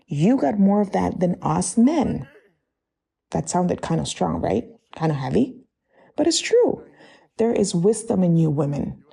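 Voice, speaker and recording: A woman preaches a sermon in a heavily gravelly, creaky voice. Her tone is dark and husky. She talks straight at her listeners and keeps firing rhetorical questions at them. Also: medium pitch.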